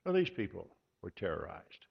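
A man preaching a sermon as pastor, earnest and measured, repeating key words for emphasis. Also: low voice, very animated, creaky, husky. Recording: dull lo-fi sound with long hall reverb.

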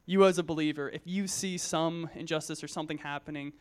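A young man in his twenties gives a casual sermon with a slightly higher voice than most men. He talks conversationally, with frequent fillers and restarts, and mixes humor into personal stories. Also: fairly even intonation, fast. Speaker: Christian speaker at a youth gathering.

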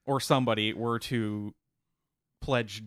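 Male co-host, mid-pitched, dry close sound, wry quips. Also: fairly even intonation, slow pace, no room sound. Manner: wry interjecting quipper. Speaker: podcast co-host. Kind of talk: casual comedic chat.

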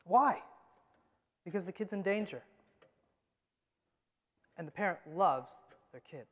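A man preaching a sermon as the pastor of his church, emphatic and moving from loud to hushed. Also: high-pitched, expressive, slow. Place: church sanctuary. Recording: long hall reverb.

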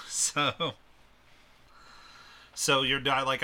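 A man's voice: mid-range voice, fairly even intonation, normal speed, pushed and bright. A man co-hosting a casual podcast chat about a film, laughing often and restarting his sentences. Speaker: podcast co-host.

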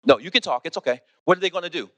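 A man preaching a sermon as pastor, animated, often restarting and asking "okay?". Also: on the high side, very fast. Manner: animated, repeats words, asks "okay?" often.

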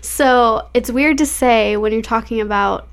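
Casual podcast co-host, woman, slightly high voice, rambling and filler-heavy. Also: unhurried, clear, resonant tone. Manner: chatty, many fillers and likes, laughs easily. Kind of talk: casual chat about a movie.

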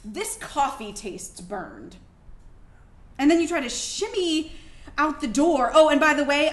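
A woman playing a frustrated pregnant young wife, sharp and emphatic, in a live staged play reading. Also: on the high side. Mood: bitter. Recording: echoey live room, faint hiss.

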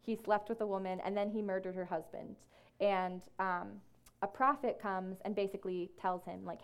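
A woman's voice: medium pitch, fairly even intonation, clear, resonant tone. Casual woman giving a church talk. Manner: casual and conversational, many fillers like "like" and "um"; slows down to read scripture. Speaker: ministry staff speaker. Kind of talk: talk to a group. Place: room with an audience.

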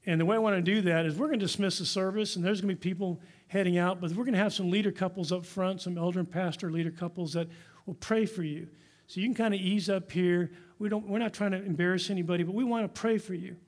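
A man's voice: sits high, steady tone, quick pace. A man preaching a sermon as pastor in a church, earnest and exhorting his congregation. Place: church sanctuary.

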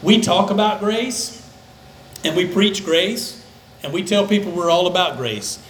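An older man, a pastor, preaching a conversational sermon that dips into soft, low tones for emphasis. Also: measured pace, echoey room, slight background noise, poor audio. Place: church sanctuary.

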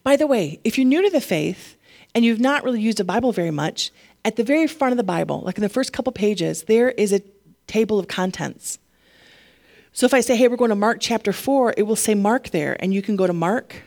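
A woman pastor preaching a sermon, animated and laughing often, getting emotional at times. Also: mid-range voice, a little fast.

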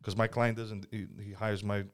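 A man, a podcast host who works as a property manager, telling a profane, animated anecdote in casual chat. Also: fairly low pitch, moderate pace.

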